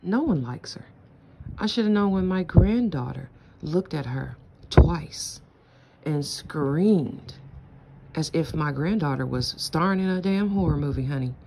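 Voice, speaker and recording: A woman's voice: sits low, expressive, measured pace, dark tone, slight background noise. A middle-aged woman venting in a casual monologue, blunt, profane and rambling. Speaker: vlogger.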